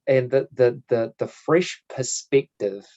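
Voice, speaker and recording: A man's voice: medium pitch, takes it slowly, dark tone. Man, podcast co-host, casual chat, reflective, swears, mid-range voice, slightly muffled audio.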